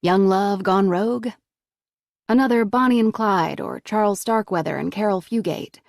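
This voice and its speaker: A woman narrating a crime novel audiobook in a steady, even storytelling manner. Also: medium pitch, normal speed, vocal fry, no room sound, clean studio sound. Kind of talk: scripted narration.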